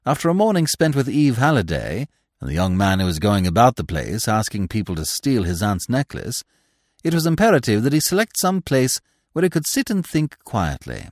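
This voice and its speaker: A man narrating a classic story as an audiobook, with an expressive, wry storytelling delivery. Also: medium pitch, moderate pace, dry recording, studio quality.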